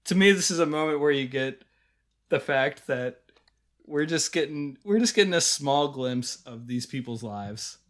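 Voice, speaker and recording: Speaking at a measured pace, this co-host has a medium-pitched voice that's expressive and a bit bright. He casually recounts scenes in a review-style podcast chat, laughing frequently.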